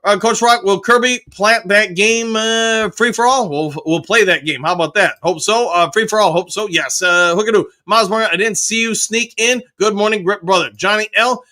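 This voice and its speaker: A man's voice: sits high, moderate pace, few pauses, bright, forceful tone. A man hosting a live stream, reading viewer comments aloud and answering each briefly in a casual way. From United States. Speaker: host reading live chat.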